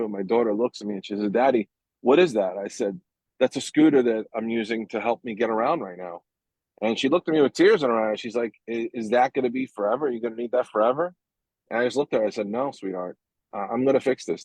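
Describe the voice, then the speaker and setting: A man's voice: on the low side, a little mellow, dry recording, rough recording. Earnest man telling a story by phone. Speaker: guest. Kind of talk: personal story on a call. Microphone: phone call from a parked car.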